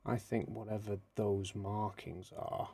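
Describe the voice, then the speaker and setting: Gravelly low-voiced man, muttering. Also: flat delivery, unhurried. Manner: mutters quietly to himself while sorting photos, then speaks up to viewers. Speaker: livestream host. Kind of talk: casual livestream chat, thinking aloud.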